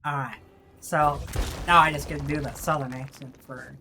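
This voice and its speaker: A woman's voice: very deep voice, fairly even intonation, moderate pace, sharp tone, slight background noise. A woman streamer chatting casually to her viewers while gaming, swearing freely and laughing often. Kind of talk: casual live-stream chat.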